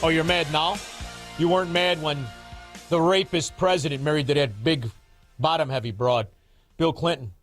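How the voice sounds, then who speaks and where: A man's voice: a little high, normal speed, pauses often, a bit bright, soft background music. A man hosting a radio talk show, ranting in a combative, sarcastic way.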